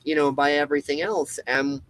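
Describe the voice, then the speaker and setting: A man's voice: fairly high pitch, fairly even intonation, a little fast, fairly bright tone, low-quality recording. A man talking to camera in a casual monologue, rambling with many restarts and swearing freely. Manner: acts out quoted people. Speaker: video host.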